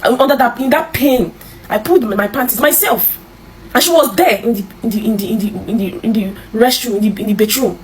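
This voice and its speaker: A Nigerian woman telling her own life story in an interview, halting and repeating herself, with many restarts. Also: a little high, low-quality recording. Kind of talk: emotional personal storytelling.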